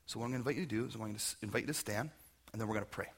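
A man preaching as a pastor at a church service, telling stories with energy and moving into quiet prayer. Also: on the low side, rapid-fire, breathy edge. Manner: storytelling preacher, animated, ends in soft prayer. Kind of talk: sermon.

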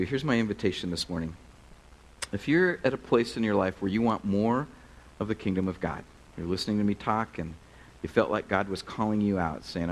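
Animated male pastor preaching a sermon. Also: lowish voice, a little hiss or hum, low-quality recording. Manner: casual, animated, many "like"s. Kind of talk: sermon with storytelling. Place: crowded church service.

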